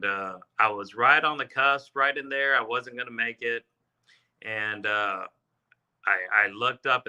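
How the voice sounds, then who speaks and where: A South Texas man in his fifties, appearing as a golfer guest, tells casual stories in a rambling way full of restarts and fillers. His voice is fairly low in pitch with a sharp tone.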